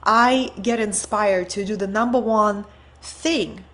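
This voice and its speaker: A woman's voice: mid-range voice, takes it slowly, a bit bright. A woman hosting an online teaching event, telling an inspiring story in an earnest way and often checking in with her listeners.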